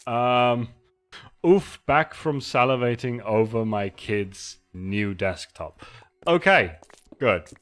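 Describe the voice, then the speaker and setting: A man's voice: mid-range voice, expressive, slow pace, a bit bright. A man streaming a game, chatting casually, rambling and mocking himself while reading chat aloud into a desk microphone.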